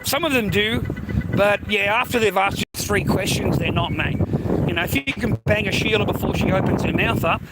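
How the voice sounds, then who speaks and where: A man's voice: high voice, moderate pace, very noisy. An Australian man hosting a livestream, ranting bluntly at his viewers in a profane, slangy, lecturing way. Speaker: livestream host.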